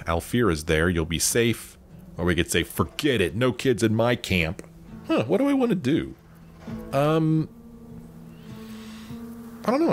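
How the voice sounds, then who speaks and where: A man hosting a let's play, chatting casually and reading dialogue options aloud. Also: deep voice. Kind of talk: casual game commentary. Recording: faint game music behind.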